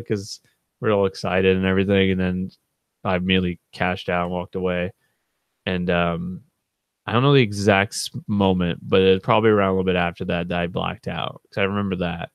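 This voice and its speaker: A man with a very low, gravelly voice tells a long, rambling story, casual and laid-back. The sound is close and dry, with no room echo. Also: flat delivery, moderate pace. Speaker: channel co-host.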